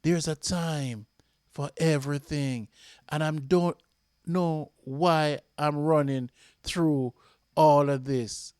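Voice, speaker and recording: Jamaican man, football fan rant, slow and deliberate, slightly high voice, dry close sound. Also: clean tone, dry recording. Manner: impassioned, repeats himself, flares up then calms. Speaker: fan channel host. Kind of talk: fan match reaction rant.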